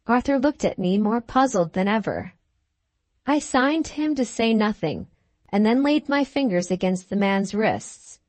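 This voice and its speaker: A woman narrating a classic novel as an audiobook, in a measured, even storytelling manner. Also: medium pitch, no echo.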